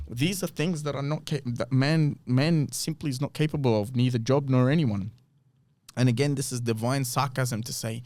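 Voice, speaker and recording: A man teaching from scripture on a podcast, reading passages aloud and breaking them down with earnest rhetorical questions. His voice sits at an ordinary pitch and is recorded close and dry, with no room sound. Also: fairly even intonation, moderate pace, a little mellow, dry recording. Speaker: podcast host. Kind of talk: bible teaching talk.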